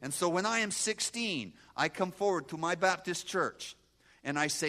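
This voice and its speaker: A man in his sixties from Moldova with a Moldovan accent and broken English, giving an animated testimony sermon and talking back to his audience. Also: high-pitched, normal speed. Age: 60s. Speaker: guest preacher.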